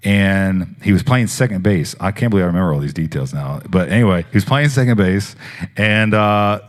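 A man preaching, telling personal healing stories in a rambling, animated way with many fillers. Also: deep voice, brisk. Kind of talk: sermon testimony storytelling.

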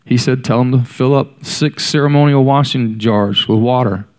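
A man's voice: medium pitch, moderate pace, a little mellow. A man delivers a sermon in an ordinary mid-range voice. He tells the stories and keeps turning to his listeners with direct questions. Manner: storytelling, voicing the characters in quotes; addresses the congregation directly. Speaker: preacher.

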